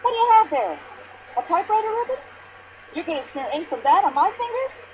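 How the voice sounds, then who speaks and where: An actress playing a pushy, indignant older American widow in a mystery video game, complaining at length in a shrill voice. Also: female voice, very animated, a little fast, muffled recording, slight background noise. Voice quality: shrill, complaining, long-winded.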